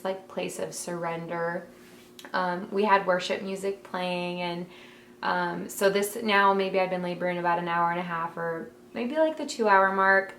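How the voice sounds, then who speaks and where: A young woman chats to the camera from her bedroom, telling a story in an easy, emotional way. She fills her speech with "like" and "um". The room adds a clear echo, with a faint hum of ambient noise behind her. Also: fairly low pitch, a bit bright. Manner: chatty, many fillers like "like" and "um"; emotional, heartfelt.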